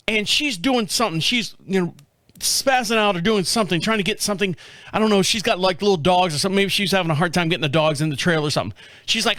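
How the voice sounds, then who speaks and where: A man's voice: high voice, expressive, moderate pace, sharp tone, dry recording, clean studio sound. A man telling a rambling, profane story in a casual chat, acting out the dialogue as he goes. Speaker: podcast host.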